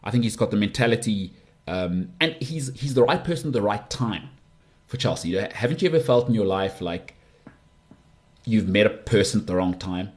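A man hosting his own podcast, talking sport in a casual, opinionated, rambling monologue with big jumps in pitch. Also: expressive, moderate pace. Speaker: podcast host.

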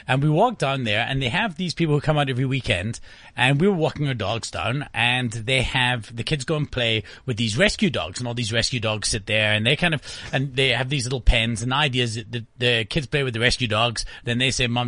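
A man ranting casually on a radio talk show, animated and laughing as he goes. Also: medium pitch, no room sound. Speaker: guest commentator.

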